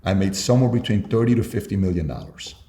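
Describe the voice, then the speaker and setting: Deep-ish guy acting out old sales convos in an interview, echoey room. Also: animated, fast, mellow. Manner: acts out both sides of dialogues. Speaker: guest entrepreneur. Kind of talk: storytelling interview talk. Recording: roomy echo.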